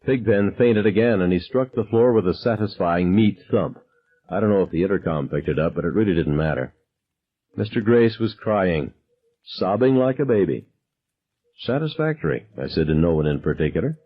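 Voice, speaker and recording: A man narrating an audiobook in a lively, dramatic reading. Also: sits low, normal speed. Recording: dull lo-fi sound.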